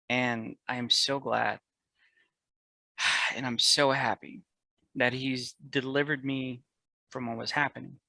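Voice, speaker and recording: A man talking earnestly as a podcast guest about his marriage and his faith, getting loud and fervent at times. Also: mid-range voice, level tone, takes it slowly, gravelly, long pauses, no echo, low-quality recording. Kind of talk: candid personal conversation.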